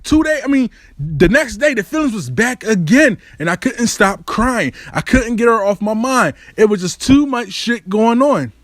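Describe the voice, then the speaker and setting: On his own show, a man delivers a slangy, profanity-laced monologue about something that happened to him. He's animated, shifting between high and low registers, and the studio sound is clean with no echo.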